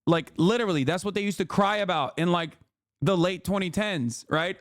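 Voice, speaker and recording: A man's voice: high voice, normal speed, fairly bright tone, no echo, studio quality. A man ranting on a livestream, profane and exasperated, repeating himself as he builds up. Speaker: streamer. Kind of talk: livestream commentary rant.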